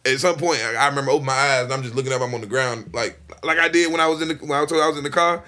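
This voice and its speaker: A young man in casual podcast chat, telling a story in an animated way and acting out his own reactions. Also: mid-range voice, racing.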